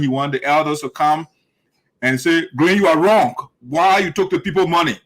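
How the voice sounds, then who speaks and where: A man's voice: fairly high pitch, a bit bright, low-quality recording. A man hosting heated political commentary, emphatic and repetitive, often mimicking his opponents' lines. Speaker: show host.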